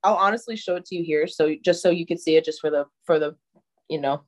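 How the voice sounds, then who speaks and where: A woman's voice: deep voice, fast. Young woman chiming in on a podcast. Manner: chimes in, laughs often. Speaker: guest. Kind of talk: casual chat.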